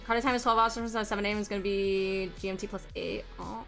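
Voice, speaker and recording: A woman streamer chats casually with her viewers while she draws. She answers the chat aloud and laughs often, in a voice of middling pitch for a woman. Faint music plays quietly behind her. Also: steady tone, fast talker, gravelly.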